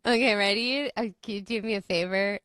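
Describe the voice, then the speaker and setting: A woman host leading a group coaching call, gently guiding and reflective. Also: mid-range voice, fairly quick, clean tone, no echo, clean studio sound. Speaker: mentor and host.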